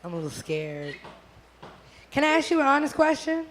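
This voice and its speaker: A woman's voice: high voice, very animated, normal speed, a little hiss or hum. A brash, profane woman, chatting casually as a guest on a drinking talk show. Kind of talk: casual chat.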